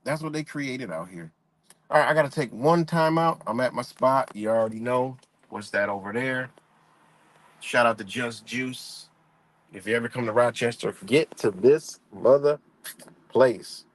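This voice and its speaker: A man's voice: medium pitch, unhurried. A man hosting a live stream, ranting bluntly in profane street talk and greeting viewers in the chat. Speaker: livestream host. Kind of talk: casual live-stream rant.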